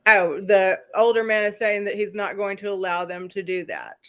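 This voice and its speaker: A woman's voice: mid-range voice, fairly bright tone. Female host, casual live-stream recap, chatty and rambling, laughing asides.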